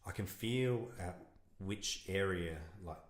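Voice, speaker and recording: Deep-voiced earnest man. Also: takes it slowly, roomy sound. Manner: earnest, reflective, rambling with restarts. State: emotional. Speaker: podcast guest. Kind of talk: casual conversational interview.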